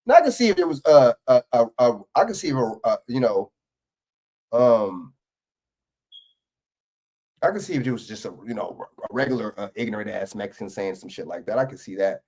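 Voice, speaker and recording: A man's voice: mid-range voice, lively intonation, brisk, long pauses, a little mellow. A man giving heated, profane reaction commentary on a political video clip.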